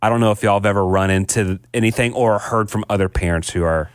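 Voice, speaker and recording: A man's voice: lowish voice, clean tone, dry recording, studio quality. A man co-hosting a casual parenting podcast, chatty and self-deprecating. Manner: chatty, self-deprecating, quick to laugh along. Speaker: podcast co-host.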